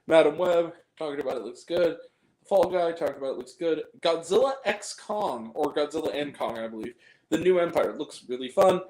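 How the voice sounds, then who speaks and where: A man's voice: fairly high pitch, moderate pace, darkish tone, reverberant, poor audio. A man hosting a casual spoken movie review, ranting and swearing in exasperation.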